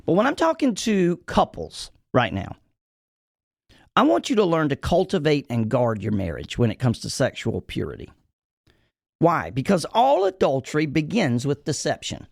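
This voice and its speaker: A man preaching as a podcast host and pastor, emphatic and folksy, repeating his key lines slowly so they sink in. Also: medium pitch, creaky, darkish tone, no echo, clean studio sound. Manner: folksy, addresses listeners as y'all. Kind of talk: preaching-style podcast talk.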